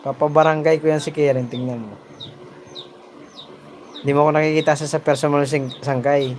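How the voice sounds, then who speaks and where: A man's voice: a little high, steady tone, quick pace, a little hiss or hum. Playful Filipino man vlogging. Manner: joking, playful, switching between Tagalog and broken English. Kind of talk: casual chat to camera.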